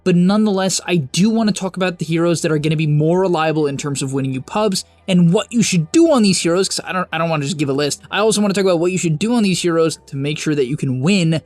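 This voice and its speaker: A young man hosting a game strategy guide, talking fast and emphatically with sudden high-pitched bursts, on a close mic. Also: darkish tone, no echo, faint music behind. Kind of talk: energetic strategy guide narration.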